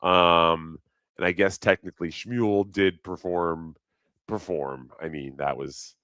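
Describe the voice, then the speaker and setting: A man's voice: sits low, steady tone, slow, fairly bright tone, no echo. A man hosting a casual live stream, rambling and swearing freely, often breaking into laughter. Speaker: livestream host.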